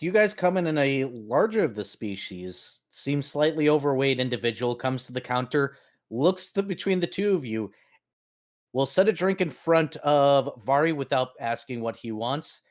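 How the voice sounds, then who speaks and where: A man narrating as game master of a tabletop game in a relaxed manner, laughing often. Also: medium pitch.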